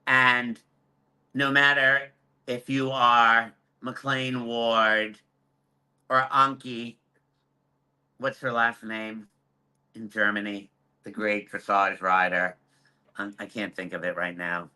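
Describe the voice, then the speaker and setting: Very bright-voiced man explaining earnestly. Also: medium pitch, level tone, slow, long pauses, smooth. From United States. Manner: earnest, repeats key points for emphasis. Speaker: hunter horse trainer and judge. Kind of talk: expert guest answering questions. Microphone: video call.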